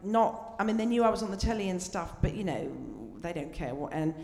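A woman's voice: mid-range voice, animated, brisk, a little mellow. Brash storytelling woman, echoey stage. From Scotland. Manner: bawdy, brash storyteller, swearing. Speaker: guest comedian. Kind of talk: live comedy podcast interview. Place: theatre stage before an audience. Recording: echoey live theatre.

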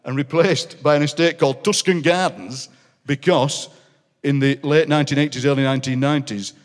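A man's voice: a little high, brisk. A middle-aged man with a Yorkshire accent, a guest poet telling rambling comic anecdotes on a live stage. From Yorkshire, England. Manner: animated, rambling anecdotes, laughing. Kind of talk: live comic storytelling chat. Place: city hall stage before audience. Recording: long hall reverb.

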